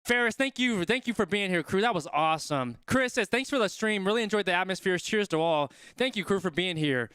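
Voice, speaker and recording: A man hosting a live watch-along stream, giving excitable sports commentary and repeating his exclamations. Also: sits high, brisk, few pauses, clean tone, no echo, clean studio sound.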